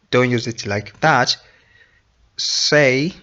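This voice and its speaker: A man teaching an English grammar lesson, explaining slowly and repeating each example sentence. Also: medium pitch, sharp tone, dull audio.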